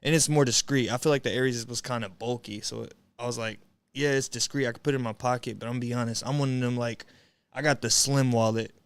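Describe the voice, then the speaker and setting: A man's voice: mid-range voice, fairly even intonation, fast talker, clear, resonant tone. A young man chatting casually on a livestream, rambling and slangy with lots of swearing, greeting viewers as he goes. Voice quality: laid-back, rambling, slangy with frequent swearing. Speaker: streamer.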